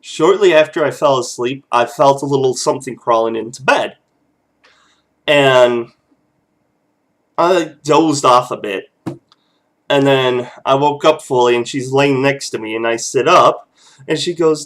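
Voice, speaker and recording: A man's voice: mid-range voice, normal speed. A man in his thirties, a father casually telling family stories, chuckling often and loose with fillers. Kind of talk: casual storytelling vlog.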